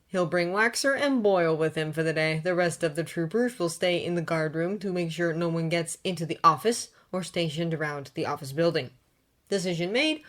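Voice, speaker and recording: A woman narrating fanfiction aloud in a steady, unhurried reading voice. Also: lowish voice.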